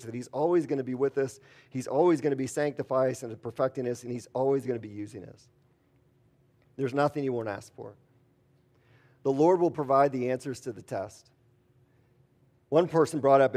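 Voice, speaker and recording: A man's voice: mid-range voice, moderate pace, a little mellow. A man preaching an earnest sermon as pastor, telling stories and acting out quotes. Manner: earnest, storytelling with acted quotes.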